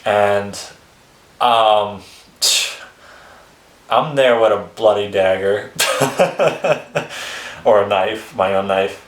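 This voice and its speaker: A man's voice: on the low side, drawn-out words, pauses often. A man casually telling his life story on a vlog, rambling and swearing freely, with chuckles between phrases. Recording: roomy echo.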